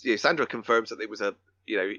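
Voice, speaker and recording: A man's voice: lowish voice, rapid-fire, sharp tone, no echo, dull audio. A man co-hosting a film podcast, talking casually with lots of restarts and casual swearing. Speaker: podcast co-host.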